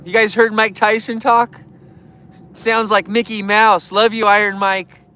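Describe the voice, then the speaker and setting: A man's voice: sits high, fairly even intonation, normal speed, bright, forceful tone, clean tone. A man hosting a casual livestream, chatting and joking in a goofy, youthful-sounding voice. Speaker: livestream host.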